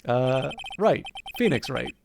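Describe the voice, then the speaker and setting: A man's voice: mid-range voice, expressive, slow pace, creaky, background noise. A Canadian man voicing a baffled young male lawyer with dry, bemused asides. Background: game music.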